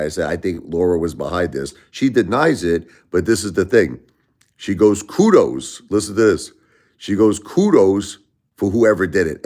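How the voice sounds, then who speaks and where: A middle-aged man, ranting to his live-stream viewers in a repetitive, stammering way. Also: deep voice. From Brooklyn, New York. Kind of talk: casual live-stream rant.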